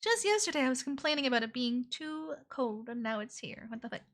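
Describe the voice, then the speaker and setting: Bright, playful woman streamer. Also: a little high, a little fast. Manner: playful, hums nonsense syllables and chats with viewers. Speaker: VTuber streamer. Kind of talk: casual livestream chat while drawing.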